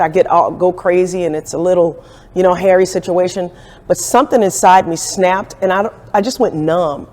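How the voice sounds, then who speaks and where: A woman's voice: fairly low pitch, darkish tone. A woman who owns a business, recounting her beginnings in a candid documentary interview and acting out the quoted dialogue. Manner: candid, reflective storytelling with acted-out quotes. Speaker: entrepreneur telling her story. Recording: echoey room with long reverb.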